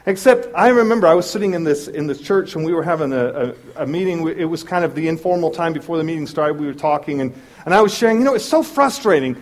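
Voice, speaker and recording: A man preaching a sermon, telling a story in an animated way and acting out the voices of the people in it. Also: a little high, fast. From Southern California. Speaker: pastor.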